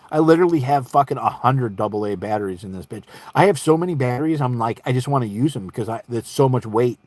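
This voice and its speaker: A man's voice: mid-range voice, fairly quick, darkish tone, no echo. A man telling a profane, rambling story about a gadget that would not work, acting out both sides of the exchange. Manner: heavy swearing, quoting himself and others. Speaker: channel host. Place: lives in an RV.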